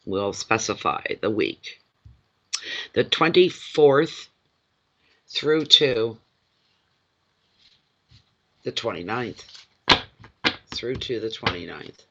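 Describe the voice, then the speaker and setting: A man's voice: on the low side, lively intonation, very slow, vocal fry, pauses often, highs cut off, heavy background noise. A man giving a live tarot reading, chatty and joking, and poking fun at himself between cards. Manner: chatty, joking and self-deprecating. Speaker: tarot reader. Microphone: phone.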